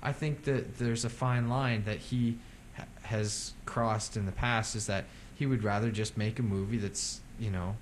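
A blunt man with a low voice airs strong opinions about movies in casual talk. A faint rumble sits under his speech. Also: steady tone, a little slow, few pauses. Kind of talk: casual film debate.

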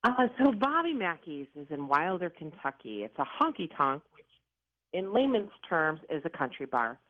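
A woman in her fifties from the Chicago area recounts her ghost encounters with lively drama and self-mocking humor. Her voice comes through a thin, phone-like line with no room sound at all. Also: deep voice, normal speed, no room sound. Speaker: paranormal investigator guest. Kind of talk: animated storytelling interview. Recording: tinny phone-like line, dry.

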